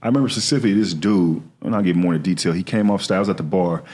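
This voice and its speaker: A man's voice: low voice, very fast, a little mellow. A man, a comedian guest on a podcast, telling candid, slangy and earnest stories from his life in casual conversation.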